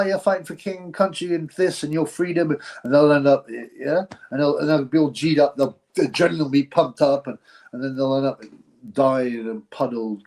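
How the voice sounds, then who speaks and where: Male host, live boxing stream, rambling blunt slangy chat, mid pitch. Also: darkish tone. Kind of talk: casual live-stream chat reading viewer comments.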